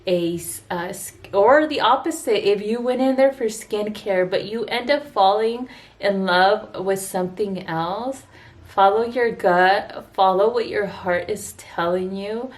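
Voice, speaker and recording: A woman esthetician talking to her viewers in a personal vlog, tearful and earnest, halting with sighs and restarts. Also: medium pitch. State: tearful, crying. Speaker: esthetician vlogger. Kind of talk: emotional personal vlog talk.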